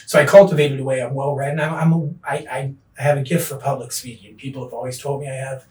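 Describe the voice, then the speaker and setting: A middle-aged man, a podcast guest, telling his recovery story in an earnest, animated way. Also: medium pitch, fast, recorded from a distance. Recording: echoey room, voice off-mic.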